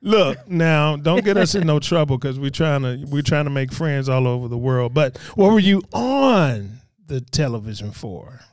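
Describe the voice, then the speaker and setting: A man's voice: on the high side, lively intonation, normal speed, few pauses, no room sound, studio quality. A man co-hosting a podcast, joking casually with a preacher-like cadence. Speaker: podcast co-host. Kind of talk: casual chat.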